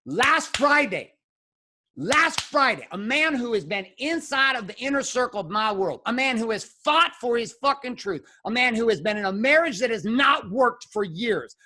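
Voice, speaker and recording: A man talks as a podcast guest, his voice rising and falling across a wide, animated range. He is blunt and heavily profane. He swings from shouted bursts to low, intense passages. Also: moderate pace, hardly any pauses. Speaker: podcast guest, men's coach. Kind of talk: impassioned conversational monologue.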